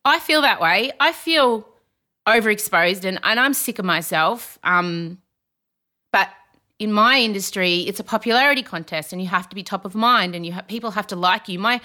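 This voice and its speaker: Candid, self-deprecating woman co-host, bright voice, animated chat. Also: mid-range voice. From Australia. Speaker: podcast host. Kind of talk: casual chat.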